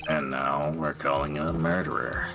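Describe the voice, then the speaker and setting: A man voicing a cool, brooding male prosecutor in a drawling, measured, slightly mocking way. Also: a bass voice, steady tone. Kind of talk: voice-acted game dialogue reading on stream. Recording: music playing behind the voice.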